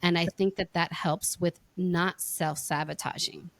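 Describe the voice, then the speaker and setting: Woman, middle-aged, podcast host. Slightly low voice, dry sound, casual storytelling chat. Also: fairly even intonation, measured pace, vocal fry, no echo. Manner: chatty storyteller, acts out quoted lines. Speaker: podcast host and life coach.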